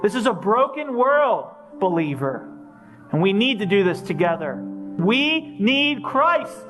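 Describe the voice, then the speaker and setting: A man's voice: sits high, big pitch swings, a little slow, music in the background. A man preaching an earnest sermon as pastor, with emphatic repetition and direct questions to his listeners.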